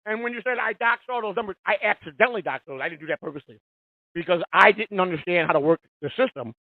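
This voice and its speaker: A man's voice: sits high, expressive, fast, no echo. Heated, cussing man on a tinny line. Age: 50s. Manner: profane, heated, confrontational ranting. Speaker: radio show host. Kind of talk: live call-in radio rant. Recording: tinny phone-like, dry sound.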